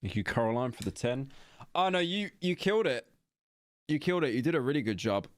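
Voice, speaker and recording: A man's voice: mid-range voice, big pitch swings, a little fast, no echo. A man with a British accent live-streaming a horror game, joking and rambling defensively at chat. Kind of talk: casual live-stream commentary.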